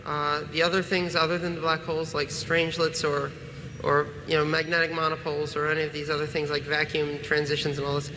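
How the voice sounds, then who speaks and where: A man in an audience asking a question, halting and searching for words. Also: on the high side, monotone, pushed and bright, slight background noise. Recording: distant in a reverberant hall.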